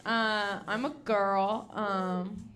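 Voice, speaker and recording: A young woman does a stand-up set at an open mic on a comedy club stage, her mid-range voice level in tone as she draws out her words. Rambling and self-deprecating, she often laughs at her own jokes while the live crowd is audible.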